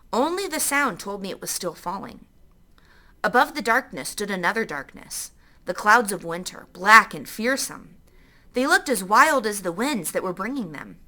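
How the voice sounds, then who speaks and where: Bright, lively woman reading a storybook. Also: mid-range voice. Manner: stops to explain words to young listeners. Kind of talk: reading a children's novel aloud.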